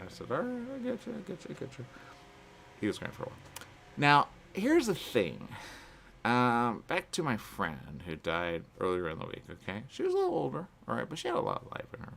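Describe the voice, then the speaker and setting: A male host talks through a live morning show monologue with a gravelly, low voice. His pitch swings widely as he tells a story, checking in with listeners again and again. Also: a little fast. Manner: animated storytelling, repeats "okay" and "he goes".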